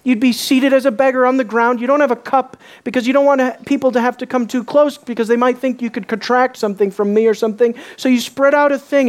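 Animated preacher firing rhetorical questions. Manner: often restarts and repeats words; swings from loud emphasis to quiet, low intensity. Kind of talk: sermon.

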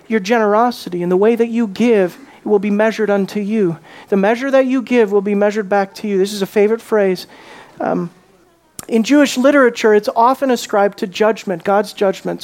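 A man's voice: high-pitched, darkish tone. Man preaching a conversational sermon. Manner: conversational preaching with questions to the congregation; drops to a whisper for emphasis. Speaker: pastor.

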